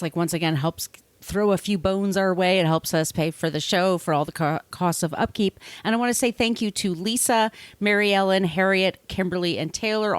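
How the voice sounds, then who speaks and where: A woman's voice: lowish voice, no echo. A woman with a nasal voice co-hosting a podcast, rambling through thank-yous to listeners. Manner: warm, rambling thank-yous, caffeinated energy. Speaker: podcast co-host. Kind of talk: casual podcast chat.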